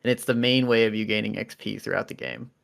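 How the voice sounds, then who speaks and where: A man's voice: on the low side, fast, creaky. A man running a tabletop role-playing game as game master, explaining rules and narrating scenes. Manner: relaxed, explaining rules, many fillers.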